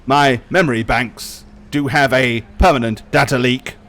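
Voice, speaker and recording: Man playing a robot butler type, stiffly polite, gravelly, mid-pitched, formal droid in a tabletop game. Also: unhurried, fairly bright tone. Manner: stiffly polite, precise diction. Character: prim, formal male protocol droid. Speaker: droid character voiced by the game master.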